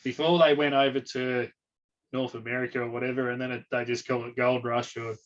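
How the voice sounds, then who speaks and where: A young Australian man chatting casually as a guest, relaxed and quick to chuckle. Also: mid-range voice. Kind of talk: casual chat on a livestream. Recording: dull lo-fi stream audio.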